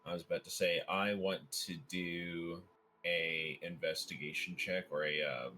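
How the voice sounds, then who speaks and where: A man's voice: sits low, steady tone, a little slow, bright, forceful tone, a little hiss or hum. A man playing a tabletop game, talking loosely with hesitations and swearing. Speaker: player. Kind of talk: casual tabletop play.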